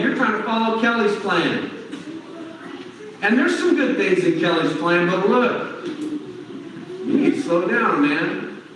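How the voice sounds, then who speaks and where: A man's voice: sits high, background noise. A man voicing God as a patient, fatherly male figure who coaxes and reassures, in a sermon recorded in a church. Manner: coaxing, calls him "man" and "buddy". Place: church sanctuary. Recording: echoey hall, heard from far off.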